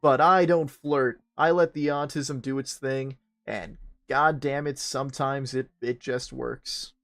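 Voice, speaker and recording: A man's voice: medium pitch, fairly even intonation, measured pace, a bit bright. A young man telling a rambling, profane, self-mocking story while streaming a game, with faint game music behind him. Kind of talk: casual storytelling while gaming.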